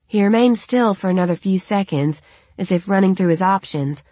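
Brief: woman, audiobook narrator, first-person novel, somewhat low voice, dry close mic. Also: a little mellow, no echo.

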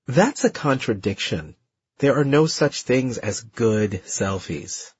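A man's voice: mid-range voice, animated, slow pace, slightly rough, no echo, exaggerated voice. A man voicing a cheerful young woman who teases wryly. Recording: dull dry recording.

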